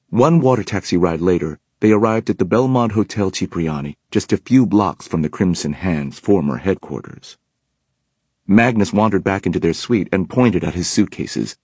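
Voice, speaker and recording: A man with a husky voice narrating an audiobook in a steady storytelling manner. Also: deep voice, normal speed, no echo.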